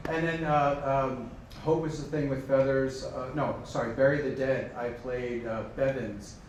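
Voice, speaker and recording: A man's voice: mid-range voice, steady tone, a little slow, a little hiss or hum. A man in the audience asking a rambling, hesitant question full of fillers. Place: convention panel hall. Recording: echoey convention hall from far off.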